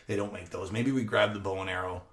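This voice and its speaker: A man's voice: low voice, fast talker, reverberant, background noise. A man in his fifties, a former teacher and coach, telling a story on a podcast with laughter and acted-out scenes. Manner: animated, laughing, acts out scenes. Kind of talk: casual storytelling.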